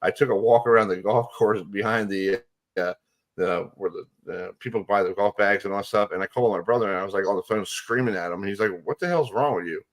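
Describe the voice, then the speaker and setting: A male sports radio host with a somewhat low voice who tells stories in a loose, rambling way. He gets excited and packs his talk with fillers. The feel is casual call-in radio chat. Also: fast.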